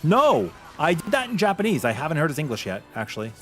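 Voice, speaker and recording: Male streamer, casual and opinionated, lively pitch, faint music underneath. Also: fast talker. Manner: chatty and opinionated, reacting to chat. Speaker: game streamer. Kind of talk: casual live-stream chat.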